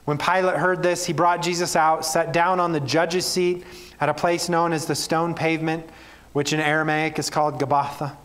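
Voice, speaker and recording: The speaker is a man, a pastor whose fairly high, fairly bright voice stays flat at a normal speed. In this sermon he reads from scripture, then addresses the congregation earnestly and plainly.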